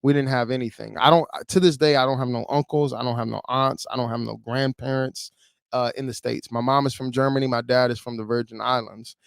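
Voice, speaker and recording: A man in his thirties from Chicago tells a personal story on a livestream. He speaks in a casual, emotional way, full of "like" and "you know." His voice sits at a middle pitch, and it sounds dry and close to the mic. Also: steady tone, a little fast, creaky, smooth, dry recording. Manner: emotional, conversational, many fillers. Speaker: livestream host.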